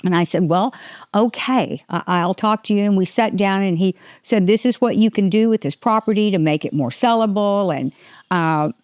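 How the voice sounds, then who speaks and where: An older woman with a drawl chats through a faith podcast in a loose, rambling way. She restarts her sentences and breaks into laughs. Her voice sits mid-pitch, recorded close and dry. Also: normal speed, a little mellow, no room sound. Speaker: podcast host. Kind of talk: casual faith talk.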